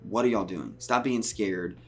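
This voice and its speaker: A man's voice: lowish voice, measured pace. A man co-hosting a casual podcast chat, talking heatedly and emphatically and swearing freely. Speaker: podcast co-host.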